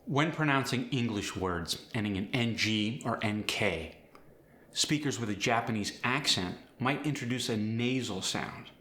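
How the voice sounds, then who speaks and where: A man coaching accents, explaining step by step in a clear, instructional way. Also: mid-range voice, lively intonation, unhurried, pushed and bright, reverberant. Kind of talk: instructional lesson.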